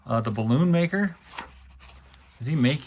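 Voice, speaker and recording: A man's voice: medium pitch, animated, moderate pace, darkish tone, a little hiss or hum. A man giving wry, offhand running commentary while paging through a book, with plenty of ums and uhs. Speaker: book reviewer.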